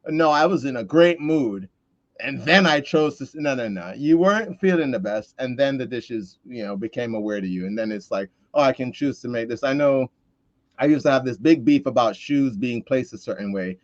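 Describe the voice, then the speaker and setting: Brief: male co-host, mid-pitched, earnest conversational podcast chat, dry lo-fi sound. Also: animated, normal speed, no room sound. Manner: reflective, earnest, with restarts and quoted asides.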